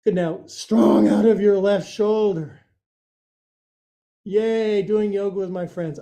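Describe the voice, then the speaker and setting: Playful, soft-toned yoga teacher man. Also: high voice, slow. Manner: playful, jokey instruction with silly sound effects. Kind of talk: guiding a yoga class.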